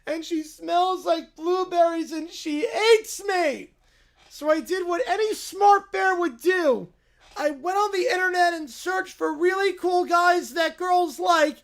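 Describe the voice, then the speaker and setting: A woman's voice: very high voice, slow, heavily acted. A woman voicing a lovesick, petulant little male gray bear cub in a cartoon clip, whining and sobbing as it makes demands. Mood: moping. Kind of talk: AI-generated cartoon video clip.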